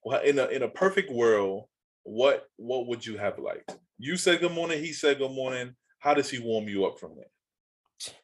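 A man's voice: mid-range voice, expressive, a little slow, husky. A young man co-hosting a podcast, teasing and provocative in casual chat. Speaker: podcast co-host.

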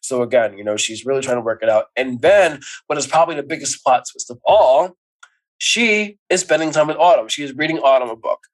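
A man co-hosting a casual podcast, recapping a movie with lively storytelling and playful asides. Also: mid-range voice, fairly quick, low-quality recording. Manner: animated storytelling, acts out characters' lines with laughs. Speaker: podcast co-host.

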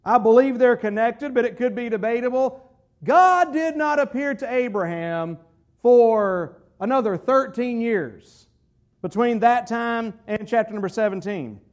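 A man's voice: extremely high pitch, expressive, measured pace. A middle-aged man, a pastor, preaching a sermon in a conversational way, with asides and quoted voices.

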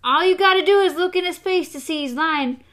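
A woman voicing a desperate male thug who shouts in a high, frantic voice with rough grammar. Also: a little fast. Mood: accusing.

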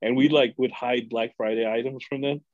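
A man's voice: mid-range voice, a little fast, no room sound, highs cut off. A man telling stories from an old retail job on a podcast, acting out the people in them and swearing freely. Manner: animated storyteller, acts out voices, swears freely. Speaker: guest telling work stories. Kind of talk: casual podcast storytelling.

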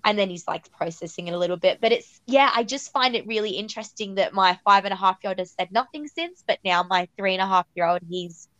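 A woman's voice: mid-range voice, quick pace, few pauses, fairly bright tone, no echo. Chatty woman podcast host, dry sound. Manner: chatty storytelling with fillers. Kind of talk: podcast conversation.

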